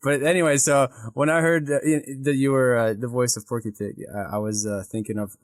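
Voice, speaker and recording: A man's voice: mid-range voice, flat delivery, a little fast, dry recording. A man hosts a casual interview. He is enthusiastic and often laughs between his questions. The sound is dry and close. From Ukraine. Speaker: podcast host.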